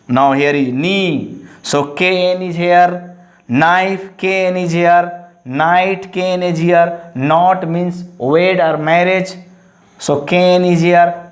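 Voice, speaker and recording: A man teaching a lesson, halting and full of fillers and restarts. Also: high-pitched. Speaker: English teacher. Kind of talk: classroom-style lesson. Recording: echoey room.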